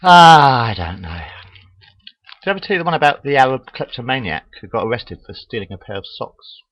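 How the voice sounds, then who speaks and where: A man's voice: medium pitch, lively intonation, fairly quick, a bit bright. A man telling crude jokes in a rambling, casual monologue into a webcam, full of "uh" fillers. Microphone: webcam mic. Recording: dull lo-fi webcam audio.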